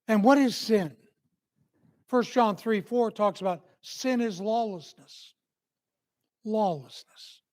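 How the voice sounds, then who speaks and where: Male minister preaching slow and earnest, highish voice, leans hard on key words. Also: a little mellow. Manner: earnest, emphatic preaching with acted quotes. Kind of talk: sermon. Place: church.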